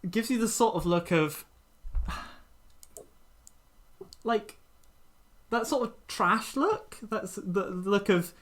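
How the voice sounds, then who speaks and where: A young adult game master narrating a tabletop game, relaxed and wordy, searching for words. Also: medium pitch, takes it slowly, pauses often.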